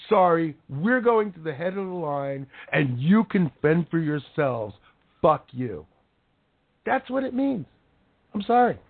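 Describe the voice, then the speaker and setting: A hoarse male show host delivering an angry, sarcastic talk-show rant as his voice gives out. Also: high voice. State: hoarse, voice giving out. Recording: tinny phone-like sound.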